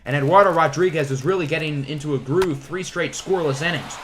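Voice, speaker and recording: A man giving play-by-play commentary over a video game, excitable on big plays with wry asides. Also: fairly high pitch, fast, few pauses, a little hiss or hum. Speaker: gaming channel host.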